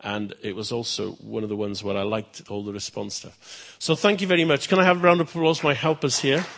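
Gravelly male pastor telling a story. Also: mid-range voice, a little fast, slight background noise. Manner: lively storytelling, chatty asides. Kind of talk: children's story talk in church.

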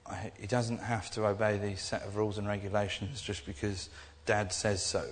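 A young man preaches in a loose, earnest ramble, circling back and restarting his thoughts often. His voice sits on the low side, and it carries a long echo that hangs in the hall. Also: flat delivery, moderate pace. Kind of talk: informal sermon. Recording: echoey hall.

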